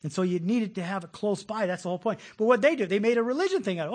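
A middle-aged man preaching a sermon as pastor, folksy and animated, telling jokes and acting out voices. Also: sits high, very fast, hardly any pauses.

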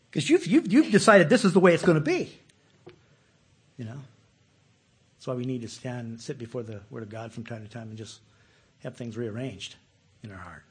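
A man preaching a sermon in a relaxed, conversational way who often puts questions to his listeners. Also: medium pitch, moderate pace, pauses often, slightly rough. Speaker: pastor.

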